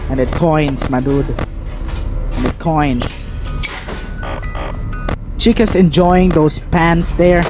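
A man's voice: on the high side, steady tone, drawn-out words, long pauses. A man commentating his horror game run, frantic, panicky and swearing constantly. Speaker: gameplay streamer. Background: game music.

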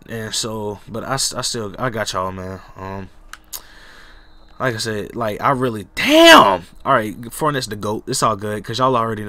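A man's voice: fairly low pitch, sharp tone. A young man from Jacksonville, Florida, sick and cracking, giving loose, profane, rambling commentary over his football game. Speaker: gaming YouTuber. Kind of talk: casual gameplay commentary.

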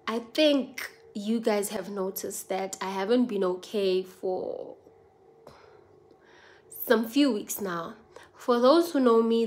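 A woman with a South African accent, talking to her viewers in an earnest, confiding personal vlog. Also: medium pitch. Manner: earnest, confiding, mixes languages. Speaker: vlogger.

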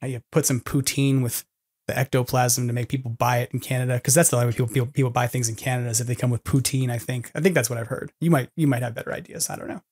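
A man's voice: mid-range voice, steady tone, rapid-fire, a little mellow, breathy edge. A man hosting a casual podcast chat, rambling and self-deprecating, often laughing between thoughts. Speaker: podcast host.

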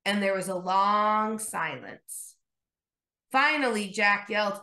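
A woman pastor telling a story in her sermon and leading a prayer, gentle and prayerful. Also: mid-range voice, lively intonation, slow pace, roomy sound.

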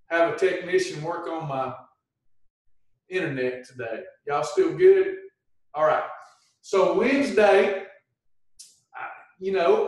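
A high-voiced man with a drawl, coaching on weight loss in a folksy, lively way. He sits a bit back from the mic in a very echoey room. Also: recorded from a distance. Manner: folksy, animated, acts out people's complaints. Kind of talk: livestream coaching talk.

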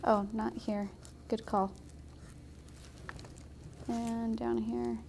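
A young woman giving a casual, chatty watercolor painting tutorial, encouraging and quick to laugh. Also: fairly high pitch, very animated, a little mellow, a little hiss or hum. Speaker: watercolor instructor.

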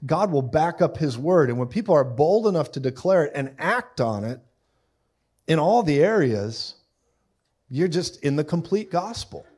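A man's voice: fairly high pitch, sing-song, moderate pace, a little mellow, breathy edge. Man preaching a casual, chatty sermon. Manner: conversational preaching, asides and acted quotes. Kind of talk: live sermon.

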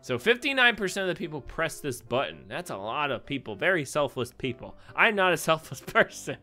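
Animated young man thinking aloud. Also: fairly high pitch, brisk. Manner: rambling, laughs often, thinks aloud. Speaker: gaming YouTuber. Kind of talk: casual commentary on a web quiz game. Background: faint background music.

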